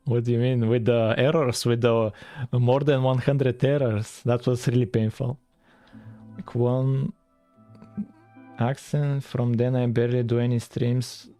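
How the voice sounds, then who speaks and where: A man with a mellow, relaxed voice and a French-tinged accent, streaming while he codes. He rambles and chats loosely with his viewers, full of fillers. Soft music plays faintly behind him. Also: medium pitch, unhurried, dry recording. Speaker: game-dev streamer. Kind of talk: casual live-stream chat while coding.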